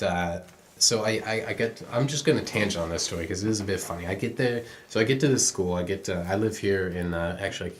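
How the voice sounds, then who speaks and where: A man's voice: sits low, slight background noise. A young Canadian man co-hosting a podcast, telling stories in a rambling, profane way full of fillers. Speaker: podcast co-host. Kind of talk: casual chat.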